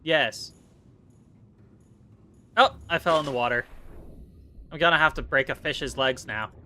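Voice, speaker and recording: A man's voice: on the high side, a little slow, pushed and bright. A man streaming a game live, chatting casually and playfully, often slipping into theatrical mock-rage rants. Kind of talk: casual live-stream commentary while playing.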